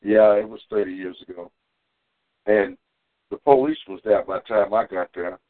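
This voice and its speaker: A man preaching and telling a personal testimony on a community call, fervent, with sudden high bursts when he quotes himself. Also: moderate pace. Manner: fervent storytelling, climbing high for quoted shouts. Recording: tinny phone line.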